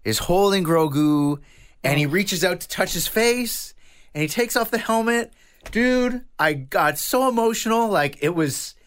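A man in casual chat, animated and openly emotional, swearing casually. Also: high-pitched, a little slow, clean tone.

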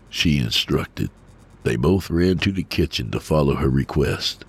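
A man giving a steady, measured first-person reading of a scripted horror story. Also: very deep voice, gravelly, husky. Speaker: narrator.

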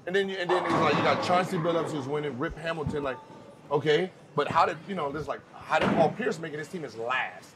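A man's voice: fairly high pitch, a little fast, loud music behind the voice. A man hosting a casual podcast chat, telling stories with energy and acting out the voices of the people he quotes. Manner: animated storyteller who acts out quoted voices. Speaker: podcast host.

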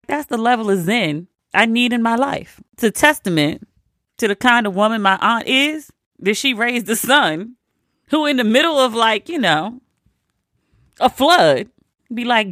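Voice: medium pitch, expressive, moderate pace, pushed and bright, dry recording, clean studio sound. A host telling a personal story in a casual monologue, with wry, incredulous asides.

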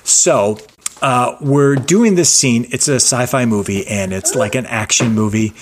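A man co-hosting a casual podcast, joking about himself and telling animated stories. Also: mid-range voice, a little slow, background noise. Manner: self-mocking, playful, animated storyteller. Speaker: podcast co-host. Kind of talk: casual chat and storytelling.

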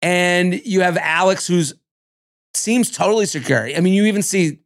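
A man co-hosting a podcast, chatting casually about a reality dating show, animated and cussing, now and then acting out cast members. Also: sits high, moderate pace. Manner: animated, swearing, acts out cast members in exaggerated voices. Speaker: podcast co-host. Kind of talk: casual reality-TV recap chat.

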